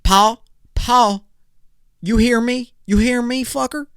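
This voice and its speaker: A man putting on a rowdy Texan good-old-boy voice with a put-on drawl, loud and profane. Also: very high voice, fairly even intonation, takes it slowly, smooth, no echo, studio quality, pitched above the performer's own voice, heavily acted.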